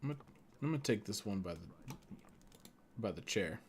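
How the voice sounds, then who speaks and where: A man's voice: lowish voice, animated, normal speed, slight background noise. Chatty male game streamer. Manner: chatty, rambling, laughs often. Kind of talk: casual gaming stream commentary.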